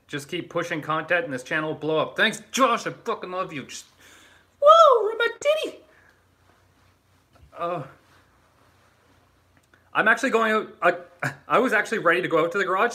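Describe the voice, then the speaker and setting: A man's voice: a little high, bright, forceful tone. A young man from Canada hosting a casual livestream, reading out viewer comments in a loose, joking way with plenty of swearing and laughter.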